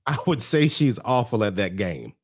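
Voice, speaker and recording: A man co-hosting a comedy podcast in casual chat. He laughs often and jumps in with quick jokes. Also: lowish voice, sing-song, breathy edge. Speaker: podcast co-host.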